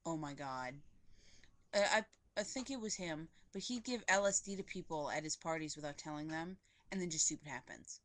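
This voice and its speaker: A woman's voice: low-pitched, expressive, moderate pace, fairly bright tone. A young woman vlogging a casual movie review from home on a webcam, gushing and rambling with lots of "like". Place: indoors at home, poorly lit.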